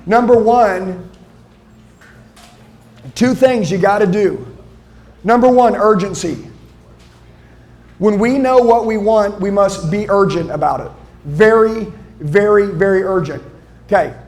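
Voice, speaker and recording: Intense, yelling motivational speaker man. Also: high voice, slow, long pauses. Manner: intense, yelling, profane and urgent. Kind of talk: live motivational speech to an audience. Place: indoor venue with a live audience.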